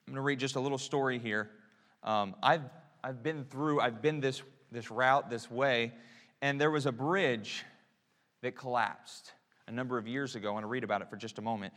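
A man preaching a sermon, swinging from hushed, quiet prayer to loud, emphatic exhortation. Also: medium pitch. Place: church sanctuary. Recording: long church reverb.

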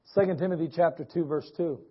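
A male preacher tells a story from the pulpit in a loose, folksy way, often restarting his sentences. His voice sits fairly high and sounds husky. The church recording is dull and lo-fi. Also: fast talker. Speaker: pastor. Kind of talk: sermon with personal story. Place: church sanctuary.

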